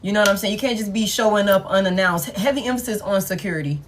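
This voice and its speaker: A fast-talking woman with a medium-pitched voice reads tarot for her viewers in a relaxed, chatty way. Laughter and profanity come often as she playfully acts out the people she's describing.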